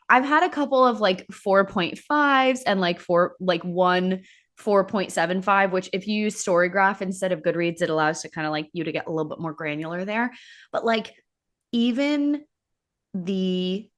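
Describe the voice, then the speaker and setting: A woman's voice: medium pitch, a bit bright. A woman co-hosting a podcast, talking casually about her reading, often correcting herself and laughing. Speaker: podcast co-host. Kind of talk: casual chat about books.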